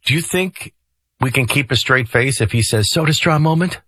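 Man, middle-aged radio morning host, folksy and joking, bright forceful voice, slightly husky, dry close studio mic. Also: medium pitch, normal speed, no room sound. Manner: folksy, joking, lively delivery. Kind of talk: casual radio talk. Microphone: studio microphone.

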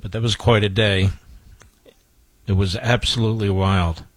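A man's voice: on the low side, fairly even intonation, moderate pace, no echo. A man hosting a talk radio show, introducing archive clips in a reflective monologue and speaking proudly of his audience.

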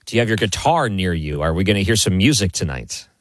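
A man hosting a late-night radio talk show from his basement office. His voice sits fairly low and sounds dry and close. He asks his questions in a chatty, animated way. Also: fast talker, no echo. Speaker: host.

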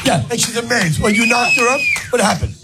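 Loud, gravelly high-voiced comedian on stage. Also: male voice, animated, fairly quick, heavy background noise. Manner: loud, shouting, crowd work. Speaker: stand-up comedian. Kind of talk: stand-up set. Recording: live club recording with crowd and music. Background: audience laughter.

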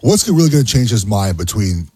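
A man's voice: fairly low pitch, very animated, a little mellow, breathy edge, dry recording. A man co-hosting a sports talk show, speaking casually with frequent restarts and ums. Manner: halting, many restarts and ums.

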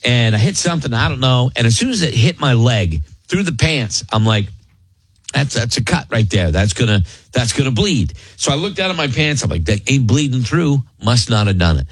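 Husky, rambling self-mocking radio host man. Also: mid-range voice, sing-song, normal speed, no room sound. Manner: frequent restarts and oaths. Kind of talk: casual radio banter.

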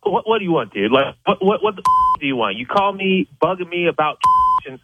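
A man's voice: high-pitched, big pitch swings, fairly quick, heavy background noise. Stammering angry man on a lo-fi phone. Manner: stammering, defensive, cursing, repeats words. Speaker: prank call target. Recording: dull lo-fi phone line.

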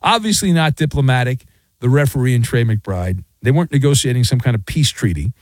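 A man's voice: mid-range voice, brisk, no echo. A middle-aged man hosting a sports talk radio show, ranting in a sarcastic, mocking way. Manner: sarcastic, mocking, animated rants. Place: radio studio.

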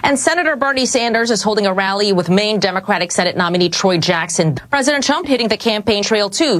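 Female radio correspondent, mid pitch, brisk steady delivery. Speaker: news correspondent. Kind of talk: radio news report.

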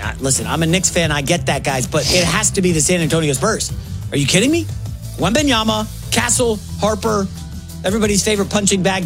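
Excited sports radio host, a man. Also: sits high. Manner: excited, quick asides and self-corrections. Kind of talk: energetic sports talk.

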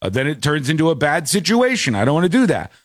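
A man hosting a talk show, telling stories in a rambling, animated way with quick asides. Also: a little high, no echo, studio quality. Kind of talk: casual talk show chat.

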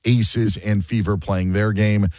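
A man's voice: fairly low pitch, slow, no room sound. A man hosting a sports radio show, chatting casually and joking, often acting out quotes. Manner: animated, jokey, acts out quotes.

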